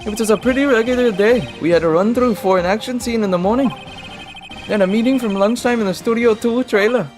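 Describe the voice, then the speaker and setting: A woman's voice: a little high, brisk, darkish tone, voice pushed up, natural voice. A woman voicing an odd male TV director who talks in internet slang, with a put-on made-up accent, reading game dialogue aloud over game music. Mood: casual.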